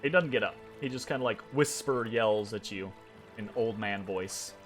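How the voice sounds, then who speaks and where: A man's voice: lowish voice, normal speed, soft background music. A man narrating a tabletop game as game master, hesitant and full of ums and restarts.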